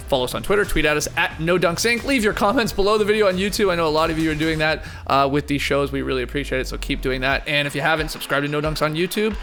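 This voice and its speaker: A man co-hosting a casual movie podcast, relaxed and laughing easily, rattling quickly through the sign-off plugs. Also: on the high side. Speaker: podcast co-host.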